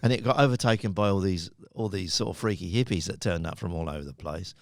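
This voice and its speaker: A man's voice: low voice, quick pace, no room sound, clean studio sound. A man in his sixties from the United Kingdom, a podcast guest telling long, rambling anecdotes with frequent chuckles. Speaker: podcast guest, company founder. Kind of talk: casual storytelling.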